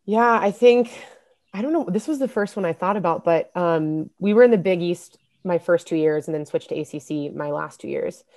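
A young adult woman, a guest on a podcast interview, telling stories in a casual, lively way and laughing often. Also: fairly low pitch, normal speed. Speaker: interview guest, former college swimmer. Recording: podcast audio.

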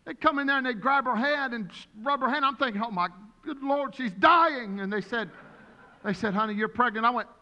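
A man preaching a sermon as pastor, telling stories in an animated way and acting out the voices of the people in them. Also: very high voice, moderate pace, muffled recording. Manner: animated, storytelling with acted-out voices. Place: church sanctuary. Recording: long hall reverb.

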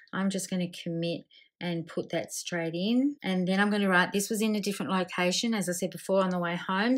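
Australian woman hosting a craft tutorial: relaxed, chatty, talks through each step as she works. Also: lowish voice. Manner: relaxed, chatty, thinking aloud while working. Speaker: scrapbooking video host.

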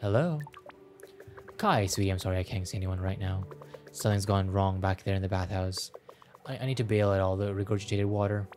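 A man's voice: low-pitched, brisk, darkish tone, soft background music, lightly acted. A man voicing a stressed, fussy middle-aged woman in a game, harried and talking in a rush. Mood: flustered.

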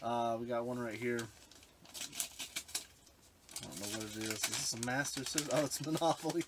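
A retro game collector vlogger, medium-pitched and steady, talks fairly quickly but with long pauses as he unboxes games. Overwhelmed and choked up, he frequently leaves sentences unfinished, with hiss and clicks audible behind him.

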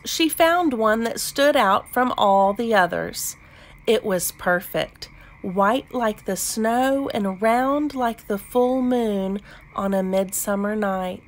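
A woman reading a children's picture book aloud, gentle and expressive. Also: medium pitch. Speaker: storybook reader. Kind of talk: children's read-aloud narration.

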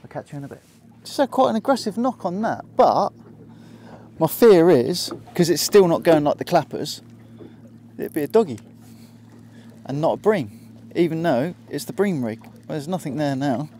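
A man's voice: a little high, animated, moderate pace, mellow. Chatty Hampshire man fishing from a boat. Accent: Hampshire English. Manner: chatty and easygoing, talks to the fish and the viewer. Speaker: angler vlogger. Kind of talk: casual running commentary while fishing. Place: small boat out at sea.

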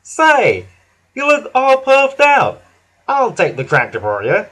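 A big, boastful engine booms out friendly offers in a loud, cheery voice, as a man puts him on. The voice climbs high and swings widely, with a husky edge. It is pitched as a storybook character. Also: huge pitch swings, slow, heavily acted. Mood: hearty.

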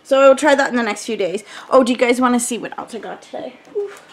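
A woman's voice: fairly high pitch, quick pace. A woman beauty vlogger chatting casually while unboxing, thinking aloud with lots of ums.

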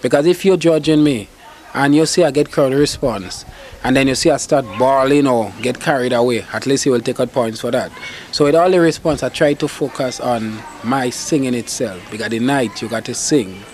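Man, calypso singer guest, mid-pitched, easygoing and unhurried. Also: darkish tone, slight background noise. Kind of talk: casual interview answers.

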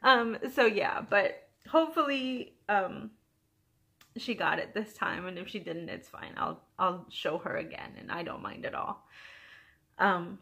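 A young woman who hosts a knitting podcast chats casually at home for her vlog, speaking a little slowly with vocal fry. She's animated while telling an anecdote, giggling often and quoting her friends in higher, playful voices.

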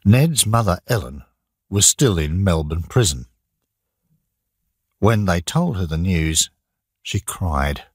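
A deep, husky man narrates a graded-reader audiobook for learners, reading slowly, plainly and deliberately yet with liveliness. The recording is dry, with no room sound.

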